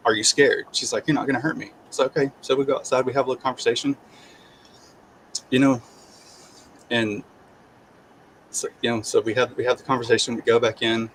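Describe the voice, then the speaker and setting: On a low-quality recording with a little hiss or hum, a medium-pitched man appears as a guest sharing his testimony. He tells a personal story conversationally and with animation, acting out the voices he quotes and often repeating himself and restarting.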